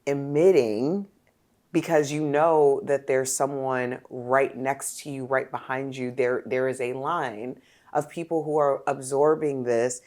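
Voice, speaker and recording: A woman hosts a relaxed podcast conversation. Her voice sits low and she takes her time with her words. She stays animated and emphatic throughout. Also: a little slow. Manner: animated, emphatic, laughs often. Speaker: podcast host. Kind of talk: casual conversational interview.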